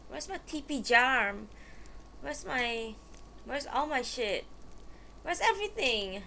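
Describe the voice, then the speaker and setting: Woman streamer, bright lively voice, unhurried, frustrated and foul-mouthed as she fumbles through setup. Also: high voice, a little hiss or hum. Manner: exasperated, swearing, muttering to herself. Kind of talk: live stream chatter while setting up.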